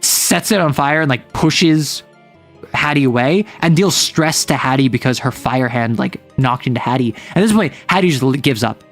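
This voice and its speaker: A man's voice: mid-range voice, normal speed, soft background music. A man casually retelling a tabletop game session, rambling with lots of filler words. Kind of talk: casual storytelling recap.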